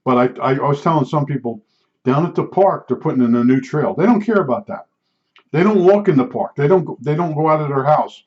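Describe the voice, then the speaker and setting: A man's voice: fairly high pitch, expressive, brisk. An older man from New Jersey with a New Jersey accent, telling rambling personal stories in a casual, chatty monologue full of asides. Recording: dull lo-fi sound.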